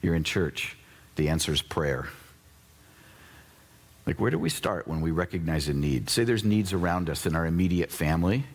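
A man preaching a sermon as pastor, talking casually and conversationally, jumping between excited high bursts and low earnest asides. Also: normal speed, pauses often, breathy edge.

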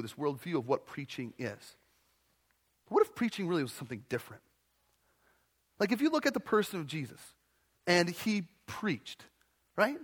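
Lively young male pastor, a bit high. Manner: conversational and animated, uses playful voices. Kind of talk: sermon. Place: church in front of a congregation.

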